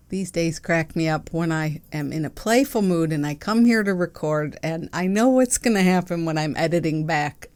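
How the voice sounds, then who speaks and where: A middle-aged woman hosting her own podcast from a home desk, chatting in a playful, giggly and affectionate way. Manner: playful, giggly and affectionate, with bursts of excited high notes. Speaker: podcast host. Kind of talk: casual solo podcast chat.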